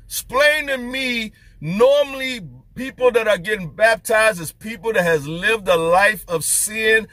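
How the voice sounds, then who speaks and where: A man's voice: high-pitched, unhurried, pushed and bright. A man preaching as a street preacher, fervent and firing off rhetorical questions. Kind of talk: preaching to camera.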